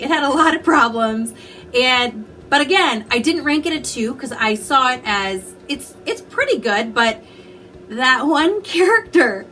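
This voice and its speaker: High-voiced animated woman reviewing books. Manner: animated, opinionated, with frequent asides and mock quotes. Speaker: book reviewer. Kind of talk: casual book review vlog.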